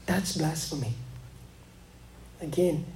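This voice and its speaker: A man preaching a sermon, dropping to hushed, slow lines and rising again for emphasis. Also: a little hiss or hum. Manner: preaching, swings between hushed lows and emphatic rises. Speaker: pastor.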